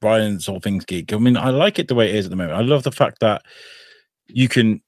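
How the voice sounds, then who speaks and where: A man's voice: fairly low pitch, lively intonation, fairly quick, no room sound, studio quality. A man hosting a podcast in casual chat, chatty, swearing freely and restarting often. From England. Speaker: podcast host.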